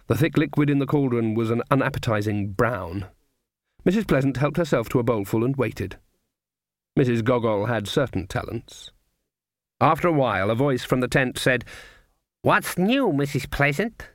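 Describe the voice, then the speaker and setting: A man's voice: mid-range voice, no room sound. Man narrating a storybook, dry sound. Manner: measured storytelling. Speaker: audiobook narrator. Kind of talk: scripted narration.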